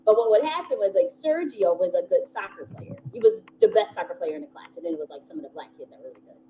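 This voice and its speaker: A woman's voice: mid-range voice, sing-song, fast. A woman telling a rambling personal story in a casual way, with lots of fillers, frequent laughter and free swearing. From United States. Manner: chatty, laughs often, many "you know" fillers, swears freely. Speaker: spiritual teacher and channel host. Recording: slightly dull recording with faint background hiss.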